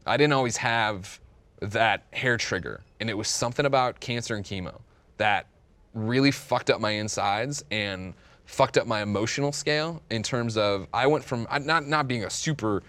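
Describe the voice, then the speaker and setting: A man's voice: mid-range voice, normal speed, fairly bright tone, no room sound. A man in his thirties talking candidly and rambling in a casual podcast conversation, full of restarts. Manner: rambling, candid, self-deprecating with many restarts. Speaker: podcast guest.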